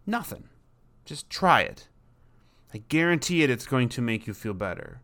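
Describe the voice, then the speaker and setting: A man's voice: medium pitch, big pitch swings, moderate pace, fairly bright tone. A man hosting a podcast, talking casually and rambling, often repeating words and voicing his dog in short asides. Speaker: podcast host.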